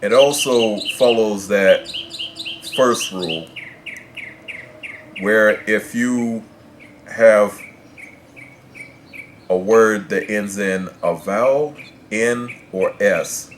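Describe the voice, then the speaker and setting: A man teaching a Spanish pronunciation lesson in English, measured and repeating his points to make them clear. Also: on the low side. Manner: measured, repeats and rephrases explanations. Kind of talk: explanatory language lesson. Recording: clear background noise with birdsong. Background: birds chirping.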